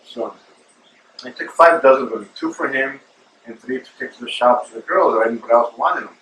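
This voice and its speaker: Host, male, rambling casual storyteller with a bright, forceful voice, recorded distant from the mic in a roomy space. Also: medium pitch, fairly quick, slight background noise. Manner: rambling, filler-heavy, calls listener bro. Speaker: show host.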